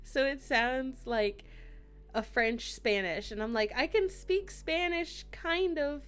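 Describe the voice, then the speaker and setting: Giggly, unhurried woman streamer. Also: on the high side. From United States. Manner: giggly, rambling, chatting with viewers. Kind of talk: casual live-stream chat.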